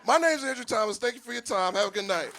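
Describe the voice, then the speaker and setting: A man's voice: high voice, quick pace, a crowd in the background, noisy background. A man from doing a stand-up comedy set, telling loose stories and laughing often at his own jokes. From Philadelphia. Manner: loose, animated storytelling with frequent laughs. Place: small live venue with audience.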